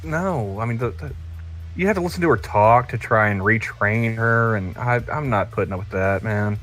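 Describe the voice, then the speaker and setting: A man's voice: on the low side, moderate pace, fairly bright tone, faint music behind. A man in his thirties on a podcast panel, joking crudely in casual chat and stumbling over restarts. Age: 30s.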